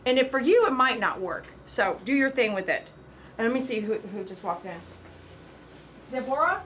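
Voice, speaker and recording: A woman pet groomer hosting a casual livestream, talking loud and chattily to her viewers and pitching a sale. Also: animated, moderate pace, slight background noise. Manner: loud, talkative.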